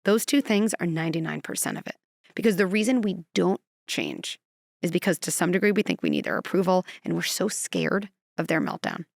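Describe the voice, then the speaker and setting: A woman psychologist speaking as a podcast guest, animated and expressive, slipping into quoted voices to make her points. Her voice sits at a middle pitch with a gravelly, fry-tinged texture. Recorded close and dry. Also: dry recording. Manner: animated, acts out quotes and scenarios. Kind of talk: conversational interview.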